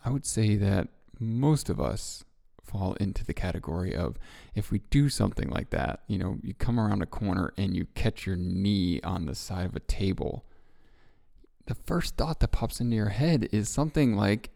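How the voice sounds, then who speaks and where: A man hosting a reflective self-help talk, speaking gently and musing with soft laughs. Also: on the low side, expressive, moderate pace, vocal fry. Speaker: podcast host.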